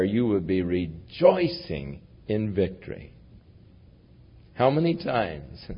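A male pastor delivering a sermon with emphatic swings between booming declarations and hushed passages. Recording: dull lo-fi recording.

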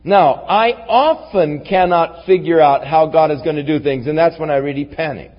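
A man preaching a sermon, swinging from raised, emphatic lines down to low, quiet asides. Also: moderate pace. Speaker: pastor. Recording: dull lo-fi recording in a large reverberant hall.

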